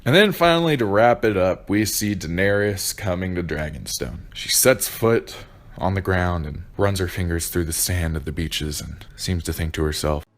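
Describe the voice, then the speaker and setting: Young male reviewer, very deep voice, sarcastic and swearing in rapid outbursts. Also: expressive. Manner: profane, sarcastic, bursts of exasperation. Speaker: video reviewer. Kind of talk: ranting review.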